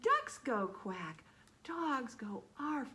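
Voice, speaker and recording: A woman's voice: sits high, huge pitch swings, bright, forceful tone, slight background noise, pitched above the performer's own voice, full character voice. A woman doing a stern mother dog. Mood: scolding. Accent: Midwestern American. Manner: firm, drawn-out scolding. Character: stern mother dog scolding her puppy.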